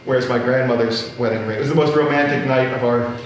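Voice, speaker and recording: A man's voice: medium pitch, steady tone, fast talker. A middle-aged man doing stand-up storytelling on a live stage, with a dry, wry, self-deprecating delivery. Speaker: stand-up comedian. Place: live comedy stage with audience. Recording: very echoey room, distant mic, faint noise.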